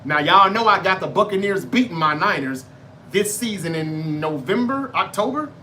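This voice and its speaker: A man with a high, bright, forceful voice runs through his football picks in loose, swaggering banter, swearing freely and ribbing rival fans. A faint hum of room ambience sits under him. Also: expressive, moderate pace. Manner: brash, profane, trash-talking fan banter. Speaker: sports debate show host. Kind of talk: casual sports predictions monologue.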